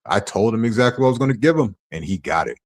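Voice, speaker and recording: A man's voice: on the low side, animated, fast talker. A man ranting on his stream, heated and profane as he tells his side of a feud. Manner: angry, profane storytelling.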